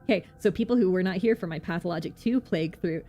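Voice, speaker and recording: A woman streamer commenting on a game in a casual, excitable way, exclaiming and swearing. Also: fairly low pitch, quick pace, soft background music. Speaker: vtuber streamer.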